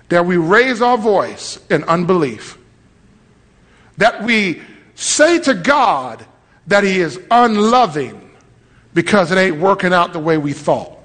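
A preacher man delivering a lively storytelling sermon, acting out voices and rising to shouts. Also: sits high, slow pace, pauses often. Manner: animated, acts out voices, shouts at peaks. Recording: long hall reverb.

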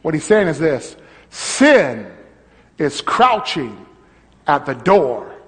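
A man pastor preaching a sermon, teaching a congregation and calling out to them, his voice rising to shouts. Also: fairly high pitch, very animated, takes it slowly, in a large hall. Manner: call-and-response preaching, swelling to shouts.

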